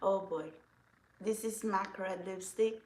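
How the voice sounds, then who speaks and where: A woman's voice: medium pitch, fairly even intonation, slow pace, darkish tone. A woman chatting casually through a makeup vlog, rambling and giggling often as she talks. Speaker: vlogger. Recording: echoey room.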